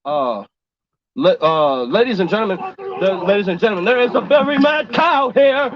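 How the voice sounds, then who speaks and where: A man's voice: sits high, animated, moderate pace. A man playing a mock-serious TV reporter. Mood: deadpan. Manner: mock-serious newscaster delivery. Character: bumbling male local TV news reporter. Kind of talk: comedy sketch acting. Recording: dull lo-fi clip with faint noise.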